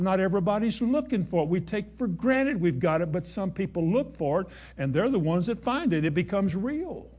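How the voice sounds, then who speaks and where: Preacher, male, high-pitched, emphatic, reads scripture and questions the congregation. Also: expressive, moderate pace, few pauses, darkish tone. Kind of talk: sermon.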